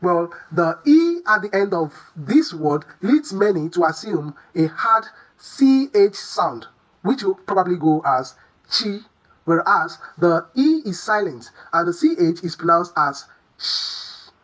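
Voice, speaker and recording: Pronunciation teacher, middle pitch, says every word twice or three times nice and slow, keeps asking how u'd say it. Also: sing-song, a bit bright, rough recording. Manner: repeats each word slowly and deliberately; quizzes the listener with questions. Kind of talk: pronunciation lesson.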